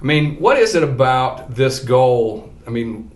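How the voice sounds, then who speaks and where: A man's voice: mid-range voice, very animated, a little slow. A male podcast host asking questions in a casual interview, eager and full of restarts and fillers. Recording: roomy echo.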